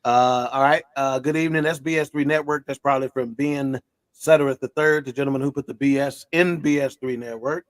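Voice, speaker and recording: Male host, casual and teasing, mid pitch, dry call audio. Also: steady tone, a little fast, dry recording. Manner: easygoing, teasing, many fillers. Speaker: live show host reading viewer comments. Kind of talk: casual live-stream chat. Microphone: live stream video call.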